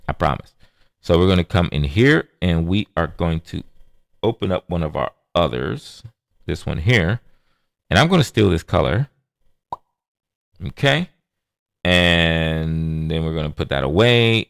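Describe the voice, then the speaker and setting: A man hosting a casual digital drawing tutorial, playful and chatty, calling out viewers as y'all and tossing in sound-effect words like boom. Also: vocal fry, dry recording, studio quality. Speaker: digital art tutorial host.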